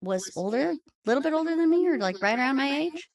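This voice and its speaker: A woman in her thirties co-hosting a podcast in casual chat, animated and blunt, laughing often. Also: high-pitched, quick pace. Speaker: podcast co-host.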